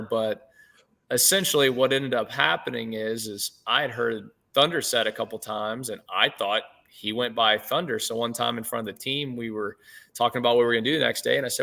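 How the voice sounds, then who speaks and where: A man in his late thirties, a head baseball coach, telling stories in a relaxed interview over a video call, with many fillers and restarts. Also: medium pitch, a little fast, creaky. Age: 30s. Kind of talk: casual interview chat.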